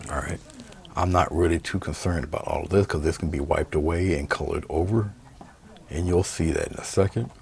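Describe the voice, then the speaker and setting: A man giving a painting demonstration, talking through each brushstroke in a relaxed, murmured way. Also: sits low, a little fast, gravelly. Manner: relaxed, murmured step-by-step commentary while painting. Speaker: painting instructor.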